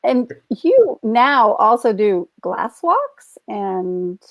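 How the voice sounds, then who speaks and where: A woman's voice: fairly high pitch, very animated, extremely slow. A woman hosting a casual interview, reacting to her guest with short responses. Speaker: host. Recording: dull lo-fi audio.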